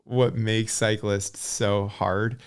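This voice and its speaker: An American man in his forties, a podcast guest and former pro cyclist, chatting casually and telling stories in an animated way, full of "like" fillers. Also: lowish voice, very slow, smooth. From United States. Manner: animated storyteller, many "like" fillers. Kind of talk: casual chat.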